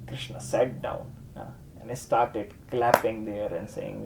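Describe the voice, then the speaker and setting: A man's voice: lowish voice, level tone, slow pace, gravelly, very noisy. A man giving a devotional lecture, telling a story and acting out the characters' lines, with frequent "you know" and "huh?" tags. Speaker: spiritual teacher.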